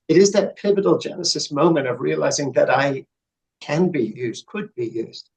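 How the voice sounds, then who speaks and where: A man's voice: mid-range voice, moderate pace, a little mellow, rough recording. A middle-aged man, a podcast guest, telling his story in an earnest, reflective way that builds to fervent emphasis. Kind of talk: conversational interview storytelling.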